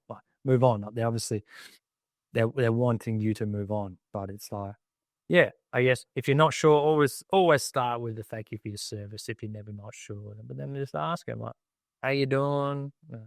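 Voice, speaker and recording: Aussie bloke chatting on a podcast, earnest and thoughtful, lots of "like", dry close sound. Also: male voice, medium pitch, no echo. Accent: Australian. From Australia. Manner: earnest, reflective, loose with many fillers. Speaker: guest, army veteran. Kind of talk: casual podcast interview.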